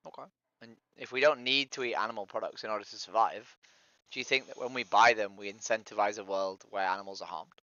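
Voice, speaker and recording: A man's voice: on the low side, fast talker, pushed and bright, no room sound. A man streaming as a vegan activist, persistently repeating his opener and asking probing questions over voice chat. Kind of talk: street-outreach style questioning on voice chat. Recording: dry lo-fi stream audio.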